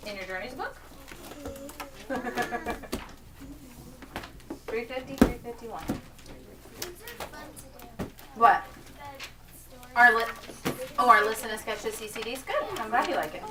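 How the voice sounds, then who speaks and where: A woman teacher reading a story aloud to her class and giving brisk directions in a classroom, recorded from a distance. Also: on the high side, very noisy. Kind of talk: classroom read-aloud and instruction. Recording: echoey classroom from far off.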